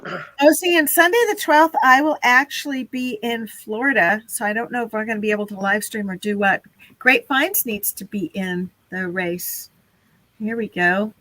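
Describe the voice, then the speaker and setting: Bright-voiced woman hosting a live stream. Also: a little high, moderate pace, no room sound, rough recording. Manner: chatty, laughs often, talks to chat. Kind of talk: casual live stream chat.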